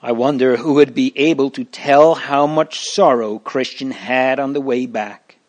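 A man narrating a storybook in a slow, measured, plain reading manner. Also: medium pitch.

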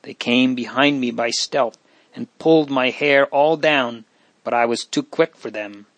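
A proud, spirited teenage countess from a storybook, bold and defiant as she tells her story, voiced by a man reading aloud. The voice sits at a middling pitch. The recording is close and dry, with no room sound. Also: measured pace, fairly bright tone, dry recording.

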